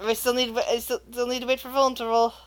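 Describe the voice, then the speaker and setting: A woman running a tabletop game as game master, excitable, tripping over her words and laughing often. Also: a little high, fast.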